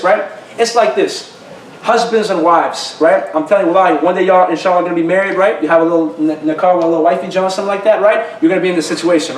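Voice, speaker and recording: A man's voice: high-pitched, slight background noise. A young man giving a casual, slangy youth group talk, acting out little dialogues as he goes. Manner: slangy, animated, acts out dialogues. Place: room at a youth group gathering. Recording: roomy, mic at a distance.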